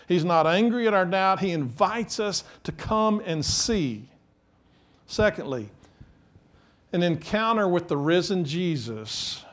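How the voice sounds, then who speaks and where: A man preaching a sermon, lively and animated, acting out scripture quotes in different voices and laughing between points. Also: sits high. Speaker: pastor.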